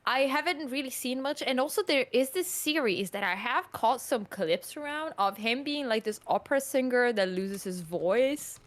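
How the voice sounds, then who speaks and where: Woman podcast guest with a fairly high voice, talking in an animated, rambling way. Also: moderate pace, hardly any pauses. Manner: animated, rambling, heavy use of "like". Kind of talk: casual podcast chat about films.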